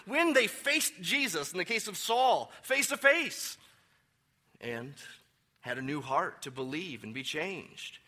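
A man, a pastor, preaching a sermon and slowing down to stress key words. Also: sits high, bright, forceful tone.

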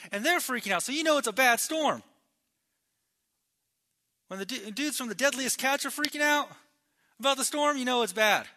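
Animated man preaching a sermon. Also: sits high. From New Mexico. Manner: animated storytelling, acting out voices, swinging from loud to hushed. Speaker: pastor.

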